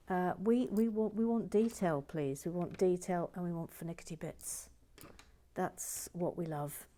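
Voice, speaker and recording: A woman hosting a LEGO build, chatting casually and playfully, slipping into mock outrage and soft whispers. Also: on the low side, a little hiss or hum. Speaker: host building a LEGO set. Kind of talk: casual live chat while building.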